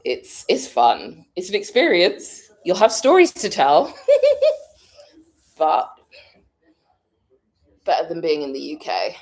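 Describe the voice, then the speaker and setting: A woman's voice: sits low, very animated, takes it slowly, long pauses. A British woman in casual chat, answering viewers' questions with frequent laughs as she thinks aloud. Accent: British English. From United Kingdom. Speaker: vlogger answering a live chat.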